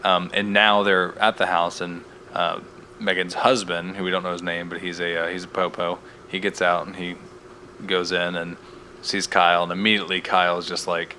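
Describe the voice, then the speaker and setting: Bright-voiced man, low and loose. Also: flat delivery, normal speed, a little hiss or hum. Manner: laughs easily, loose and swearing. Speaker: podcast co-host. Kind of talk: casual TV recap chat.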